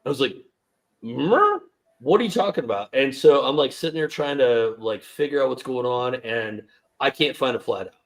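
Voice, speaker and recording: Rambling man telling a story, mid-pitched. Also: steady tone, a little fast. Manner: rambling storyteller, many fillers. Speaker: panel guest. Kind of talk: casual live-stream chat.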